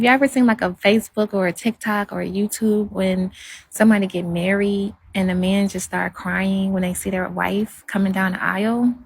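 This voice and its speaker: Woman livestreamer, husky tone, loose rambling chat with viewers. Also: medium pitch. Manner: rambling, soft-spoken, answers comments.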